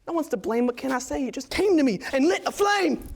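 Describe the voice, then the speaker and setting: A man's voice: high voice, expressive, moderate pace, slight background noise. A young man playing a famous playwright as a swaggering rapper who rhymes every line. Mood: cocky rhyming. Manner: rhymes everything in a streetwise rap flow. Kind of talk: solo comedy performance.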